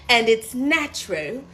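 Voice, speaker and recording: Slow, giggly woman reading tarot live. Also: a little high, very animated. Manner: chatty, giggly, slangy, affectionate. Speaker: tarot reader. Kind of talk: live-streamed card reading. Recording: noisy background hiss.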